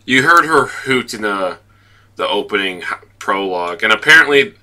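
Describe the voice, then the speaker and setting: A man co-hosting a casual podcast discussion, speaking in an emphatic, expressive way. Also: fairly low pitch, moderate pace. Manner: emphatic, expressive fan talk. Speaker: podcast co-host.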